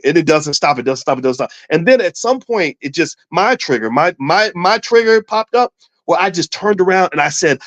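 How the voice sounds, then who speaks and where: Male host from Kentucky, casual money talk, animated delivery, close dry mic. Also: on the high side, normal speed, dry recording. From Louisville, Kentucky. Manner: animated, repeats words and restarts, acts out quotes. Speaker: finance show host. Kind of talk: casual storytelling with money advice. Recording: dull, slightly lo-fi dry sound.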